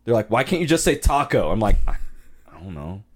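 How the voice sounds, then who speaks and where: A man's voice: fairly low pitch, fast. A man from California co-hosting a casual podcast, telling stories with lots of "and whatnot" and acted-out quotes. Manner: animated storyteller, lots of "and whatnot", acts out quotes. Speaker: podcast co-host. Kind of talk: casual chat.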